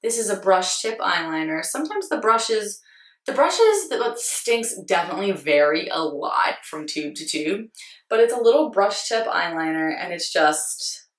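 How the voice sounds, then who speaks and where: A woman in her twenties, a beauty vlogger, chatting casually about her favorite makeup with a slightly hoarse voice, rambling and poking fun at herself. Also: fairly low pitch, expressive, moderate pace, roomy sound, recorded from a distance. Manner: chatty, rambling, self-deprecating, lots of "like". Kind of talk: casual product review.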